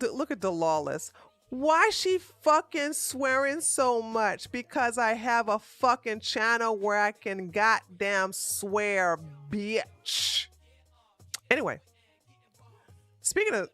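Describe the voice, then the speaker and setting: A woman's voice: a little high, sharp tone, no room sound. A woman hosting a live stream, ranting in a combative, profane way with frequent restarts.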